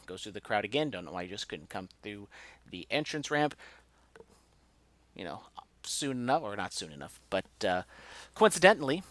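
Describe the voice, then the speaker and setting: A man's voice: lowish voice, sing-song, moderate pace, long pauses, fairly bright tone, no room sound. A man casually recapping a wrestling show as a podcast co-host, joking and ranting with mock outrage.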